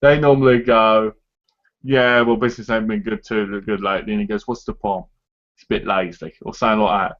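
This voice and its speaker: A man's voice: lowish voice, fairly even intonation, a little fast, fairly bright tone. Chatty man hosting a live chat, lo-fi. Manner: chatty, acts out other people's lines as he talks. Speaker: live stream host. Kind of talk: casual chat. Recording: dull lo-fi stream audio.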